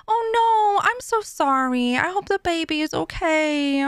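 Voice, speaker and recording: A woman's voice: very high voice, lively intonation, takes it slowly, hardly any pauses, no echo, studio quality. A woman streaming live, chatting casually with viewers in a rambling way full of fillers and sympathetic asides. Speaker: streamer reading chat.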